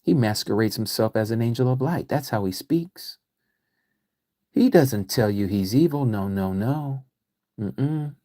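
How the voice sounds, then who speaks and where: A man teaching a livestreamed scripture lecture, preaching emphatically and repeating phrases, his voice swinging from quiet to loud. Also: mid-range voice, expressive, a little slow, no echo, studio quality. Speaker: Bible study teacher.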